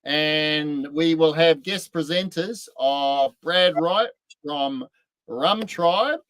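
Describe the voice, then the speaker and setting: A man co-hosting a casual chat, telling stories with animated build-ups and laughter. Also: fairly high pitch, drawn-out words, smooth, no echo, poor audio. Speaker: podcast co-host.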